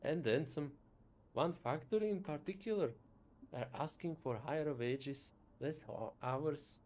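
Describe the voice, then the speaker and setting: A man voicing a pompous scornful factory owner, loud and haughty. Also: on the high side, measured pace, slight background noise, close to an everyday voice. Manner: indignant, haughty, raised voice.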